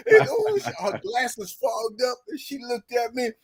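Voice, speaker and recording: A man's voice: very high voice, big pitch swings, slow. A man on a podcast telling a workplace story in casual chat, acting out the quoted dialogue with bursts of laughter. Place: podcast studio.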